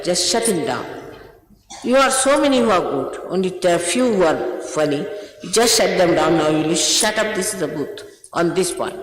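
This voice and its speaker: A woman's voice: fairly low pitch, echoey room, in a large hall, low-quality recording. An older woman, a spiritual teacher, scolding and urging her followers, emphatic, often repeating herself and laughing between remarks.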